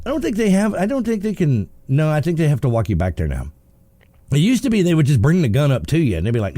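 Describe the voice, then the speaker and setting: A man's voice: on the high side, huge pitch swings, quick pace, mellow, no echo. A man hosting a morning radio talk show, joking and teasing, acting out little scenes in put-on voices. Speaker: radio host. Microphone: studio microphone.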